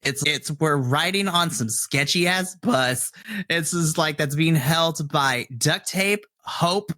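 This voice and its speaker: A man narrating as game master in a tabletop role-play. He is a lively storyteller who laughs often, and his voice sits mid-range with a dry, close sound. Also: on the high side, slow, no echo.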